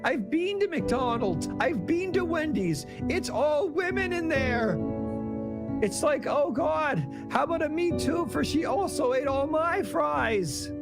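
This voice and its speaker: A man impersonating a fretful Canadian pundit who rants in a mock-earnest, apologetic way. The voice sits high and creaky, with gravel in the tone. Loud music plays under the clip. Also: big pitch swings, slow pace, exaggerated voice. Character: fretful middle-aged Canadian male pundit, comic impression.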